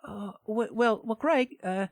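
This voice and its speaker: A bossy female adventurer speaks in a hammy mock British accent, pitched far up, voiced by a man. Her tone stays brisk and pushy. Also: no echo, clean studio sound. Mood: insistent.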